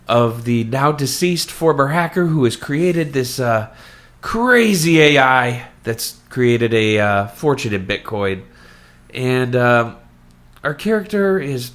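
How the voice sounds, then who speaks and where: Podcast co-host, male, animated pitch, mid voice, playful dramatic reader. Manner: lively, slips into mock-ominous delivery. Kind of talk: casual chat and dramatic reading.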